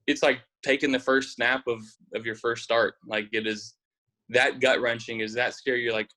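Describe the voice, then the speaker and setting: A young man in his twenties, a football player chatting casually as an interview guest, relaxed and rambling with fillers. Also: mid-range voice, normal speed, rough recording.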